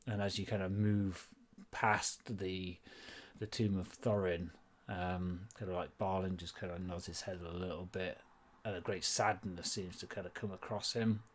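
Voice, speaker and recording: A man's voice: low-pitched, flat delivery, moderate pace, slight background noise. A man narrating as game master of a tabletop game in a loose, rambling, chatty way.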